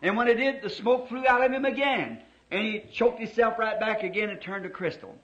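A fervent man of middle age with a high, ringing voice preaches and tells a story from the pulpit, leaning hard into the telling and drawing out the words that matter. The sound is dull and lo-fi, like an old sermon tape. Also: fairly bright tone. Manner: fervent, dramatic, slows down to stress words.

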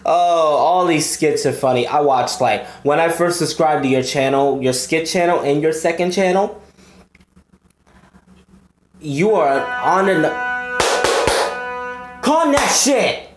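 A woman's voice: sits low, a little slow, roomy sound, faint music behind. A woman doing casual reaction commentary, talking in a profane, talkative way. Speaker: reaction youtuber.

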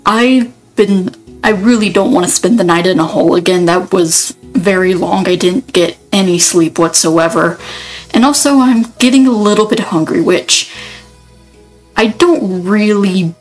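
A woman's voice: medium pitch, a little slow, soft background music, poor audio. A woman giving casual gameplay commentary, rambling and thinking aloud, often cutting herself off mid-sentence. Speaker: let's player.

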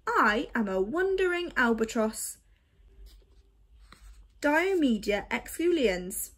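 Woman doing a creaky grumpy old albatross. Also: a little high, big pitch swings, slow pace, a bit bright, exaggerated voice. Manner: lofty, grumbling. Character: grumpy old male albatross, pompous and sniffy.

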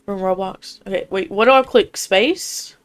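A woman's voice: mid-range voice, moderate pace. A young woman streaming a horror game, chatting casually and reacting in a jumpy, squeamish way. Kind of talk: live gameplay reaction.

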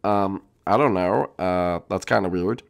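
A man's voice: low-pitched, a little slow, vocal fry, clear, resonant tone, pitched below the performer's own voice. A man putting on a timid, mumbling talking hat. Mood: unsure. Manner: hesitant, mumbling, many ums. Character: timid, unsure male talking hat companion. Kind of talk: improvised game role-play.

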